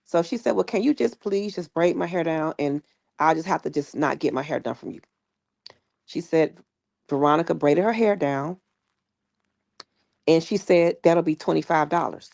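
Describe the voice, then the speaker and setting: Woman, gravelly, low-pitched, animated casual storytelling. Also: moderate pace, pauses often, no echo, studio quality. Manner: animated retelling with quoted voices. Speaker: guest recounting stories.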